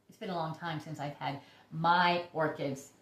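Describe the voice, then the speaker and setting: A woman hosting a casual vlog about her orchids, chatty and gushing with breathy exclamations. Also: low-pitched. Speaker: orchid YouTuber. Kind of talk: casual show-and-tell vlog. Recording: echoey room.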